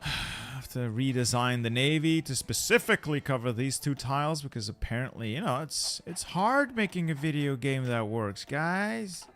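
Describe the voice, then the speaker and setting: A man's voice: medium pitch, expressive, moderate pace, a bit bright. A man commentating his strategy game play, exasperated and swearing as he rants about losing. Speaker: gaming channel host.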